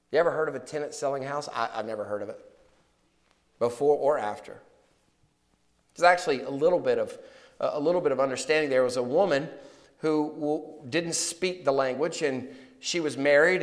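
A man preaching a sermon, swinging from loud declarations to hushed asides and telling stories with rhetorical questions. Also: medium pitch, in a large hall.

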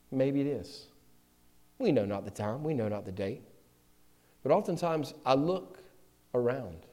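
Emphatic preaching man in a reverberant hall. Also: mid-range voice. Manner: swings from loud emphatic preaching to quiet intimate asides. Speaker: pastor. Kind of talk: sermon.

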